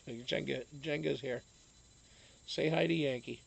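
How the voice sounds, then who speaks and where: Slow, gravelly man chatting on a stream. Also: mid-range voice, low-quality recording. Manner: rambling, jokey, swears, talks to chat by name. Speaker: live-stream host reading chat. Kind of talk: casual live-stream chat.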